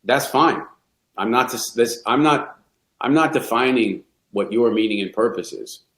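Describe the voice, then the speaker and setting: A man's voice: mid-range voice, measured pace, a bit bright. A middle-aged man, a golf coach, speaking candidly and reflectively in a podcast interview, often restarting his sentences. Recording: roomy echo.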